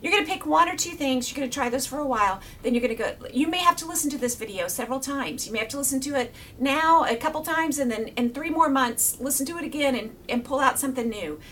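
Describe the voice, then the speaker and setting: A middle-aged woman giving a casual faith teaching to her viewers, animated, laughing often and dropping to a whisper for emphasis. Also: high voice, fast, few pauses, far from the mic, a little hiss or hum. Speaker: Christian video teacher.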